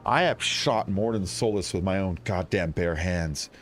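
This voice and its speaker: A man chatting excitedly while streaming a video game, rambling and laughing often. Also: sits low, unhurried, slight background noise. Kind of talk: casual gameplay commentary.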